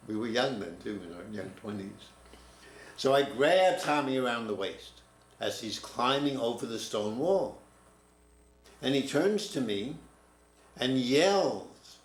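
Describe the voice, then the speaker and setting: A man in his seventies, a writing teacher, telling a personal story in a reflective, halting way. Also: mid-range voice. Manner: reflective, halting, restarts mid-word. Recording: roomy echo, faint room noise.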